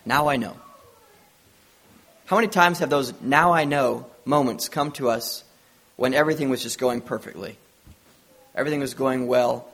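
A man's voice: medium pitch, moderate pace, long pauses, fairly bright tone. A man preaching a sermon, retelling a Bible story with earnest storytelling and acted-out dialogue.

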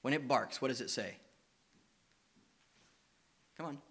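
A man preaching a sermon. He tells lively stories and coaxes the children with questions. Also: mid-range voice, a little slow. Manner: lively anecdotal storytelling, coaxing questions to children.

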